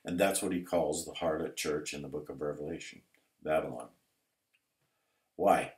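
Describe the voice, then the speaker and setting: A man preaching a sermon emphatically, building to loud, intense passages. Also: extremely low pitch, moderate pace, pauses often. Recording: roomy echo.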